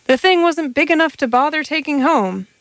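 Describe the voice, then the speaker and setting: A woman's voice: high voice, expressive, normal speed, fairly bright tone, no echo, pitched above the performer's own voice. A woman reading a scornful, trigger-happy alien hunter. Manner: dismissive, contemptuous.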